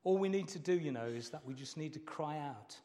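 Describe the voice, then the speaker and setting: A man's voice: on the high side, lively intonation, a little fast, warm tone. Earnest preacher man in a reverberant hall. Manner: earnest, emotional preaching with repeated phrases. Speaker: pastor. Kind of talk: sermon.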